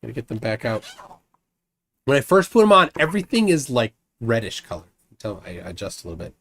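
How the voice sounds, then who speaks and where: A man hosting a casual live stream, reading viewer comments aloud and chatting between them. His pitch swings widely and lively. He rambles, restarts sentences and fills pauses with ums. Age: adult, married. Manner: rambling with frequent restarts and fillers.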